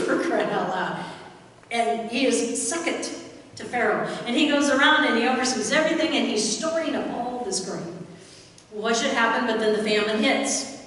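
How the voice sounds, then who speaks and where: A woman's voice: high voice, animated, moderate pace. A woman pastor preaching a sermon, retelling a Bible story with quoted voices and rhetorical questions to the congregation. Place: church sanctuary. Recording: echoey church hall, mic far off.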